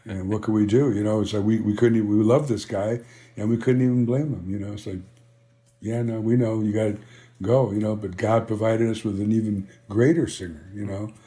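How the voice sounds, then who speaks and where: In a brisk, fairly low voice that is dark and fairly even, the older band founder chats as an interview guest. His storytelling rambles, is padded with "you know," and recreates conversations from the past.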